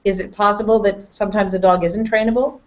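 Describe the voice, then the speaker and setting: A woman's voice: mid-range voice, steady tone, quick pace. Woman host on a muffled call. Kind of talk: interviewing, reading viewer questions. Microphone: video call. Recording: muffled, dull online video call audio.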